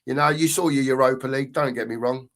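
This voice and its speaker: Middle-aged man, medium pitch, easygoing fan host chatting to viewers. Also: fairly even intonation, quick pace, fairly bright tone. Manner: chatty, matey, greets viewers with "big up". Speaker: live stream host reading chat. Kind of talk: casual live chat.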